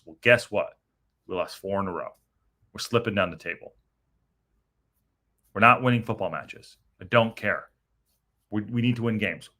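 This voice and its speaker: A man's voice: on the low side, moderate pace, pauses often, bright, forceful tone. A middle-aged man hosting a post-match reaction stream, rambling and swearing in frustration as he reads viewer comments. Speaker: podcast host reading chat.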